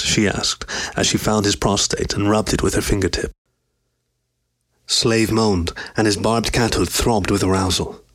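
A man reading a story aloud in an even, steady narration. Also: on the low side. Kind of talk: scripted narration.

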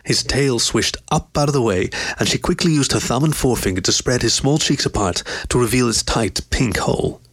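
A man reading a story aloud in an even, steady narration. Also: mid-range voice, a little fast, hardly any pauses. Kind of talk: scripted narration.

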